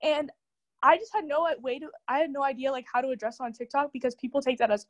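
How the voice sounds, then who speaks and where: Young woman guest, high voice, rapid animated casual talk, heavy "like" fillers. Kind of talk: casual chat.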